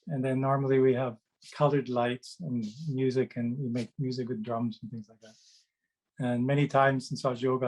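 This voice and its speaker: A middle-aged man, a children's book author and meditation host, chats casually with kids over a video call. His medium-pitched voice is a little mellow, and he tells meandering stories full of fillers and false starts. The recording quality is rough.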